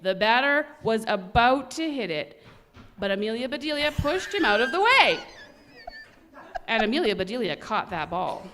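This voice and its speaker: Animated woman reading a children's story. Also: on the high side, moderate pace, a little hiss or hum. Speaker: worship service storyteller. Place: church service.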